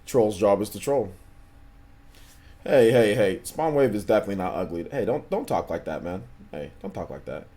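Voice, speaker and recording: A man's voice: on the low side, expressive, moderate pace, dark tone. A man hosting a gaming livestream in casual chat, laid-back and slangy, often repeating himself while answering viewers. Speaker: livestream host.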